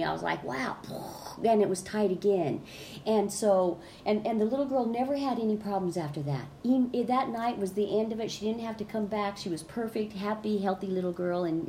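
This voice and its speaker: Woman telling a rambling, lively story. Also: mid-range voice, a little hiss or hum. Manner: rambling, with many restarts and fillers; animated, acts out quotes. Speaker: guest, colon hydrotherapist. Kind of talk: casual storytelling in an interview.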